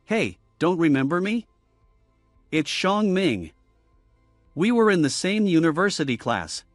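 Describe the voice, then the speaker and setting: A man's voice: a little high, sing-song, a little slow, no room sound, studio quality, soft background music. A man voicing a chatty, eager young man meeting an old classmate in a story recap.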